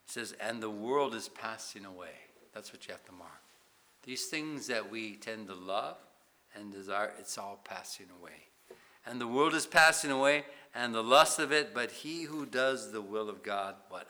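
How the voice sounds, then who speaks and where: A man preaching a sermon, asking the congregation many questions and swinging between loud emphasis and hushed passages. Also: on the low side. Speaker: pastor.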